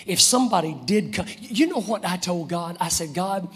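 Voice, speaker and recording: A preacher delivers a fervent live sermon in a high voice, stacking repeated phrases and sinking to hushed whispers for effect. His voice rings out with a long reverb through the church hall. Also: expressive, moderate pace, breathy edge. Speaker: pastor.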